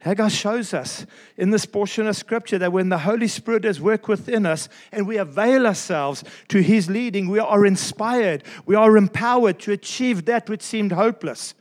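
This pastor's voice is pitched high as he preaches, hammering home key phrases through repetition and slowing down for emphasis.

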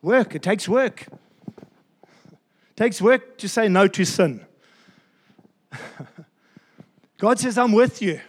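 A man preaching a sermon as pastor, emphatic and repeating key phrases, slowing down to stress his points. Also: high-pitched, expressive, breathy edge.

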